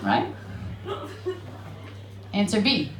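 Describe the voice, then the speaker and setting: A woman's voice: mid-range voice, wildly swooping pitch, extremely slow, echoey room, noisy background. A woman from Alaska with an American accent doing a profane, self-mocking stand-up set in a comedy club. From Alaska, United States. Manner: brash, profane and self-mocking, with laughing asides. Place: comedy club stage in Amsterdam.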